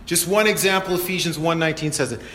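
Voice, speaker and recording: A man preaching a sermon to a congregation, animated, acting out Bible quotes and laughing at himself. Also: fairly high pitch, fast talker, slight background noise. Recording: echoey hall.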